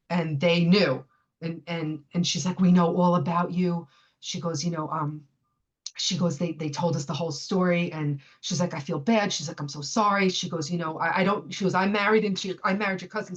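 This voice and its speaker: A woman's voice: lowish voice, highs cut off. A woman in her fifties, a podcast guest from the United States, telling a personal story in casual conversation. She tells it with energy and acts out the lines of the people in it. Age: 50s. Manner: animated retelling, acts out what others said.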